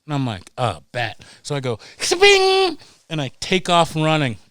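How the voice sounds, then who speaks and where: A middle-aged man telling stories as a podcast guest, animated and profane, acting out voices as he goes. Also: medium pitch, normal speed, no room sound, studio quality. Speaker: guest, pro snowboarder. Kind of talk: casual storytelling.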